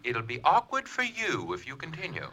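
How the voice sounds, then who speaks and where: A nervous anonymous caller, stumbling over his own threats in a 1940s radio drama. His voice is sharp and tense, set a touch high. The old broadcast sound is dull and lo-fi. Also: huge pitch swings, moderate pace, exaggerated voice. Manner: hesitant, stammering threats.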